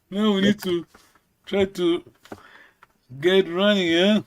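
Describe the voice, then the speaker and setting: Patient man repeating words, slightly high. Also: fairly even intonation, drawn-out words. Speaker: language teacher. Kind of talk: online language lesson.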